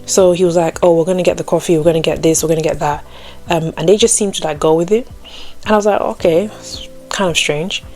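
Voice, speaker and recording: This Christian storytime vlogger, a young woman with a slightly low voice, talks fast and relaxed as she recounts a personal faith story, filling it with "like" and "you know." When she acts out other people's words, her voice rises. Faint music plays softly underneath.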